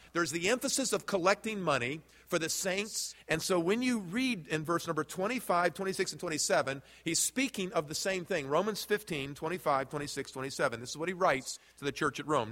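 A man's voice: fairly high pitch, fairly bright tone. A man preaching a sermon as pastor, addressing the congregation directly and quizzing them with questions. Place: church sanctuary. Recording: long hall reverb from church sanctuary.

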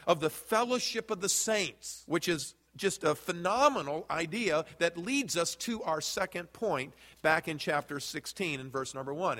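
A man's voice: fairly high pitch, a bit bright. A man preaching a sermon as pastor, addressing the congregation directly and quizzing them with questions. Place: church sanctuary. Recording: long hall reverb from church sanctuary.

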